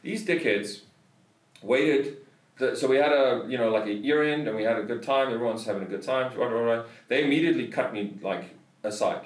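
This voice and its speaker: With a medium-pitched voice going fairly quick, a South African man hosts a podcast, the sound roomy and the mic distant. He tells a story casually but rants heatedly, swearing a lot.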